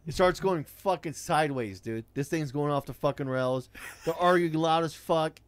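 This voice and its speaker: A man's voice: a little high, normal speed, dry recording. A man, telling a profane rideshare-driving story in casual chat. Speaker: rideshare driver.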